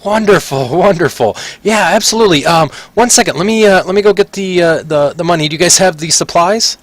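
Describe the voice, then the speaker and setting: A man's voice: high voice, a little fast, a bit bright, dry recording, pitched above the performer's own voice. A man voicing a friendly, balding male shopkeeper of about fifty, eager and chatty, who stammers and repeats words. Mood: cheerful, eager.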